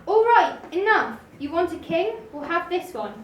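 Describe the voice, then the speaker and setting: A woman reading a storybook aloud and voicing a stern, impatient king of the gods who gives commands loudly. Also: very high voice, sing-song, normal speed, pitched above the performer's own voice. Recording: roomy room, voice off-mic, faint hiss.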